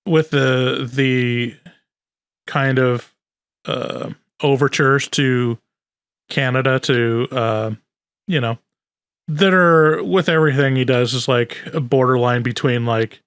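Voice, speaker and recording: A man's voice: mid-range voice, takes it slowly, a bit bright, clean tone, dry recording, studio quality. A man co-hosting a podcast, chatting loosely with lots of fillers and jokes. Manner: loose, filler-heavy, joking. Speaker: podcast co-host. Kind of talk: casual podcast chat.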